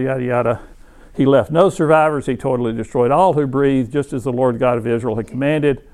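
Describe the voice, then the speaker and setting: A man's voice: mid-range voice, creaky, a little mellow. A man teaching a Bible class in a conversational lecture, with many restarts, reading passages aloud between his own comments. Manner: reads scripture passages aloud.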